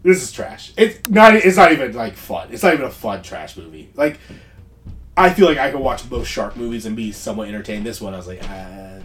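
A man's voice: medium pitch, big pitch swings, a little fast, fairly bright tone. A man co-hosting a casual podcast chat, rambling and interrupting himself, often laughing. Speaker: podcast co-host.

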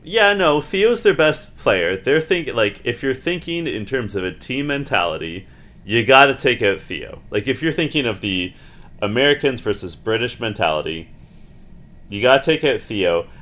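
A man in a casual podcast chat works through his opinions about a show out loud. He speaks at an ordinary mid pitch for a man and keeps padding his sentences with "like" and "um". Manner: rambling, heavy use of "like". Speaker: podcast co-host.

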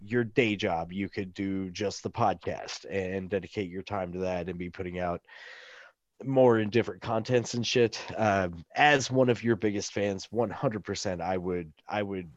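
A man's voice: low voice, normal speed, no room sound. A man co-hosting a podcast in casual chat, fired up and swearing freely as he rants. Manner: profane, fired-up ranting. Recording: dull lo-fi mic.

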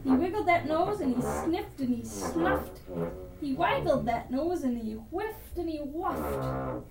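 A woman reading a rhyming storybook aloud in a sing-song, animated rhythm over improvised music. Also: high voice, takes it slowly, gravelly, a crowd in the background. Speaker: reader. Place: house room. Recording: echoey room, mic far off, with instrument playing.

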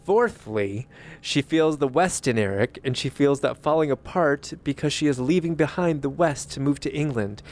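A man's voice: a little high, expressive, normal speed. A man co-hosting a podcast, chatting casually and reading a listener's email aloud with an easy, amused tone. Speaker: podcast co-host.

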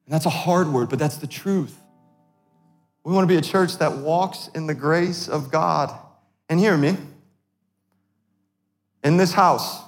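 A man in his thirties preaches with a slightly high voice that rings through a church with a long reverb tail. He is animated and self-deprecating, breaking into laughs between points. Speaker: pastor. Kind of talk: sermon. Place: church sanctuary.

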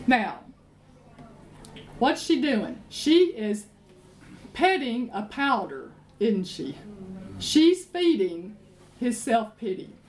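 A woman preacher, giving a sermon in an emphatic, animated storytelling way. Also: on the high side, drawn-out words, long pauses, a little hiss or hum. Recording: roomy echo, faint ambience.

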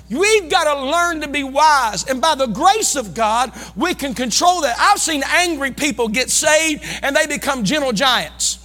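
A middle-aged Midwestern American man preaching in a church sanctuary, his voice very high for a man and sharply bright. He is folksy, shouting one moment and dropping to low asides the next. A long reverb trails every line. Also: expressive, normal speed, hardly any pauses. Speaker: pastor. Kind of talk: sermon.

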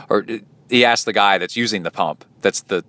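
Rambling podcast host, smooth low voice. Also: male voice, bright, forceful tone. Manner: rambling, chatty storytelling with many fillers. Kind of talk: casual spoken race recap.

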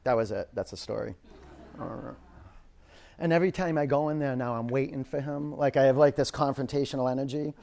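Gravelly-voiced man leading power yoga. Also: medium pitch, brisk. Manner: shouts counts and cues, rambling anecdotes. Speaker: yoga teacher. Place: yoga studio.

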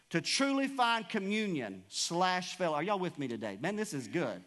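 A pastor delivers an emphatic sermon, calling out to his congregation. His voice sits high for a man. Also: a bit bright. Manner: preachy, emphatic, calls out to congregation.

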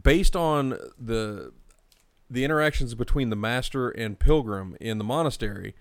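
A relaxed man in his forties, co-hosting a show recap, posing questions and teasing his friend. His voice sits mid-range and sounds dry and close, with no room around it. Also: medium pitch, moderate pace, creaky, no echo. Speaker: podcast co-host. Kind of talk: casual TV recap chat.

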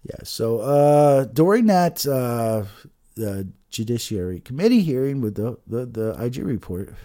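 Profane, ranting man with a lively voice. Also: medium pitch, measured pace. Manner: profane, agitated, with many restarts. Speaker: political commentator. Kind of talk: ranting political monologue.

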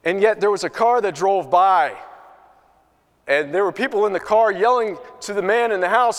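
High pitched guy preaching in a church, lots of echo trailing off. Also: moderate pace. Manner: storytelling, earnest, with repeated restarts. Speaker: pastor. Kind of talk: sermon.

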